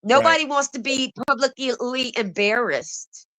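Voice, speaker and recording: A woman's voice: high-pitched, a little slow, fairly bright tone. A woman co-hosting a livestream, talking emphatically, backing up her partner and repeating words. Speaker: livestream co-host. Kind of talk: heated livestream talk.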